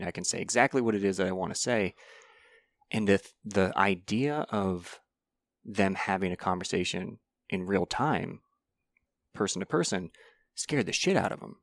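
A man's voice: sits low, no echo. A man in casual conversation, thoughtful and asking probing questions. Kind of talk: casual podcast chat.

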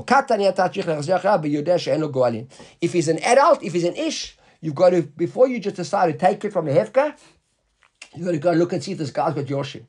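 A man teaching a Talmud class to students in the room, reading the Aramaic text slowly and then explaining it in English, often checking in with questions. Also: on the high side, a little mellow, slightly rough.

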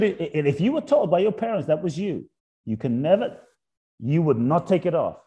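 Mellow-voiced man, lively reflective questioning. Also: on the high side, highs cut off. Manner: poses repeated rhetorical questions; drops soft and slow on key points. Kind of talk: reflective spiritual conversation.

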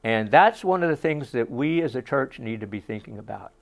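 A man's voice: mid-range voice, lively intonation, brisk. A middle-aged man, a pastor preaching a sermon in an earnest, conversational way with asides to the congregation.

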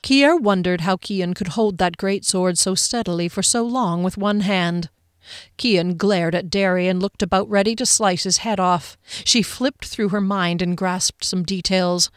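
A woman narrating a fantasy novel aloud with an expressive, dramatic reading. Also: lowish voice, unhurried, clean tone, dry recording, clean studio sound. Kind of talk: audiobook narration.

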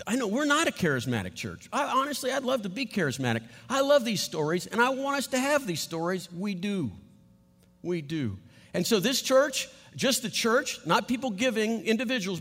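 High-voiced man preaching in a reverberant church. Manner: animated, conversational, with laughs and restarts. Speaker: pastor. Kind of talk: sermon storytelling.

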